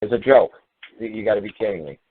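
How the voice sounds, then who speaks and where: A man's voice: fairly low pitch, fast, background noise. A man hosting a call-in radio show, scolding and mocking his caller in a profane rant. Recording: tinny phone-line radio audio.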